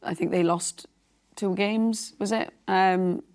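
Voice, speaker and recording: A woman's voice: mid-range voice, fairly even intonation, slow pace, a little mellow. A woman football pundit chatting casually, thinking aloud with many fillers. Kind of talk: casual chat.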